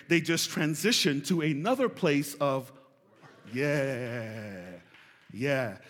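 A man, preaching a sermon with call-and-response and building to shouts. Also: fairly high pitch. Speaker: pastor. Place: large church hall. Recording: reverberant church hall.

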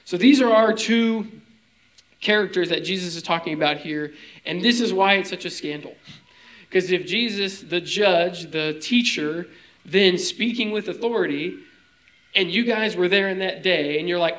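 Conversational preacher man, slightly high voice. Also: moderate pace, a bit bright, poor audio. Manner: conversational, checks in with listeners. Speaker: pastor. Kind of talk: casual teaching sermon.

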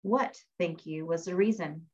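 A woman's voice: on the low side, measured pace, a little mellow, close to an everyday voice. Woman doing an old grandmother figure, storybook reading, scolding, coaxing, dull lo-fi audio. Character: shrewd old grandmother of the devil. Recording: dull lo-fi recording.

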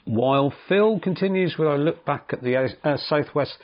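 Radio host running through the show. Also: male voice, on the high side, normal speed. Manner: chatty, introduces the show's segments. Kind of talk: radio presenting. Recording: muffled radio audio.

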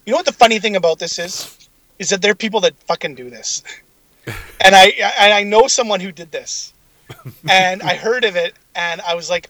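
A man's voice: sits high, brisk, a bit bright, no echo, poor audio. A man co-hosting a casual podcast, blunt and exasperated, swearing often as he complains about a TV show. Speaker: podcast co-host. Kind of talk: casual chat.

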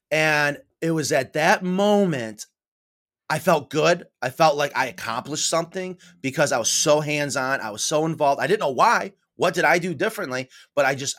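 A middle-aged man from New York State, a podcast guest telling stories in a casual, animated way and acting out the voices he quotes. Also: on the high side. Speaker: podcast guest, coop builder. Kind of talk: casual storytelling interview.

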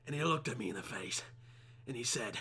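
A man's voice: medium pitch, animated, fairly quick, sharp tone, slightly rough, voice pushed down. A man putting on the voice of a crude, boastful British bloke, telling a vulgar story with swagger.

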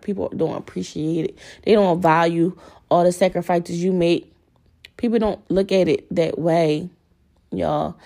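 A young woman talks straight to her listeners in a casual podcast monologue. She is blunt and profane and keeps calling out to "y'all" as she gets heated. Her pitch sits in an ordinary middle range for a woman. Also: darkish tone. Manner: candid, profane, worked up, addresses listeners as y'all. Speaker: podcast host.

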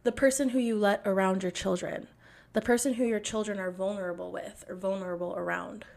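A woman's voice: mid-range voice, fairly even intonation, fairly quick, vocal fry, a little mellow. A young woman hosting a podcast, delivering an angry, sarcastic and profane monologue. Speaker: podcast host.

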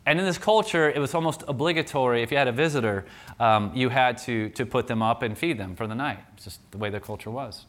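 A man's voice: mid-range voice, quick pace, a bit bright. A man preaching a sermon in a conversational, storytelling way, often restarting his sentences.

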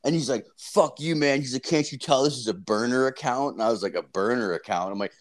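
A man's voice: mid-range voice, fast talker. A young man co-hosting a casual podcast, swearing constantly and laughing as he acts out stories. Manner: profane, laughing storyteller acting out exchanges. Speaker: podcast co-host.

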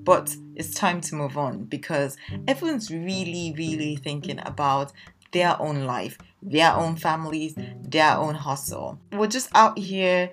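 Nigerian woman hosting a solo podcast, low voice, frank and chatty, guitar music behind. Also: animated, a little slow, fairly bright tone. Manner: frank, chatty, lots of ums. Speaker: podcast host. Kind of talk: casual personal monologue.

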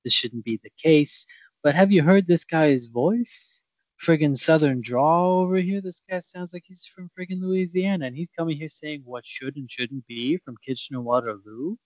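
A man's voice: a little high, expressive, normal speed, dry recording, dull audio, close to an everyday voice. A man playing a brash male fruit-growing scientist in an improv comedy sketch, talking in pushy, rambling banter. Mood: heated.

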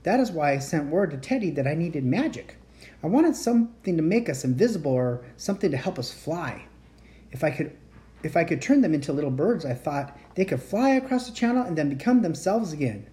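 A gentle, tired enchantress speaks in a calm, soft voice that is low and mellow, as a woman reading aloud puts her on. Her lines rise and fall in a lilting way. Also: brisk. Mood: calm, worried. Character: gentle, weary young enchantress caring for children.

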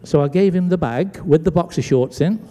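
A man's voice: on the high side, a little fast. A man preaching a sermon, acting out the voices of people in his story. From Britain. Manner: animated storyteller acting out dialogue. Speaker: pastor. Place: church sanctuary. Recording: long church hall reverb.

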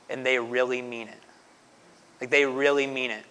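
A man preaching a sermon in a conversational way, often asking "right?" and swelling louder to stress a point. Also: medium pitch, little pitch movement, normal speed, clear, resonant tone. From United States. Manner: conversational preaching, frequent "right?" asides, swells loud for emphasis. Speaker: pastor.

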